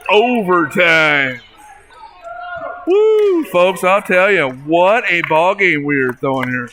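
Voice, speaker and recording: A man calling a local high school basketball game play by play, folksy and talking to listeners as folks, getting excited at big plays. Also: measured pace, slight background noise. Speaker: play-by-play announcer.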